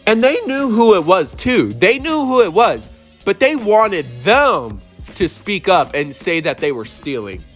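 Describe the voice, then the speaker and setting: A man's voice: high-pitched, big pitch swings, measured pace, soft background music. A young man telling a storytime on his vlog, blunt and profane as he retells an argument at work. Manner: blunt, swears often, retells the argument animatedly. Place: worked in New Mexico.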